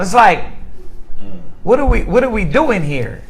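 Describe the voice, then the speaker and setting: A man's voice: high voice, very animated, a little slow, long pauses, soft background music, low-quality recording. A man leading a casual Bible class, talking informally and often asking the group "right?". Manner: conversational, asks the group rhetorical questions; informal slang, repeats words as he restarts.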